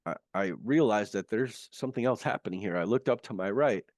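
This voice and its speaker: On a video call, a man appearing as an interview guest recounts his near-death experience, speaking earnestly but haltingly and restarting often. His voice is fairly low, and the studio-quality audio has no room sound.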